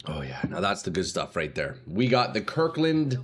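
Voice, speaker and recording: A man's voice: deep voice, big pitch swings, normal speed, hardly any pauses, fairly bright tone, husky. A man streaming casually, chatting to his viewers in a laid-back, slangy way and calling them dude and boys. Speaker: game streamer. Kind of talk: casual livestream chat.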